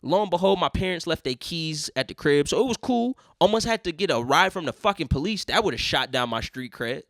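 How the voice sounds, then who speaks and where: A man's voice: on the high side, brisk, hardly any pauses, no room sound, studio quality. Profane young man telling a story. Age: young adult. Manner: profane, animated, acts out other people in quotes. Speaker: podcast host. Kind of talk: casual storytelling.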